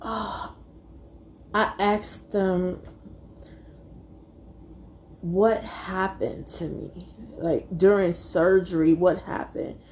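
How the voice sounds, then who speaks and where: A young adult woman telling a personal story to her viewers, fighting back tears and speaking haltingly. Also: lowish voice, fairly even intonation, darkish tone, slight background noise. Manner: tearful, halting, addresses viewers as y'all. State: close to tears. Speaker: vlogger.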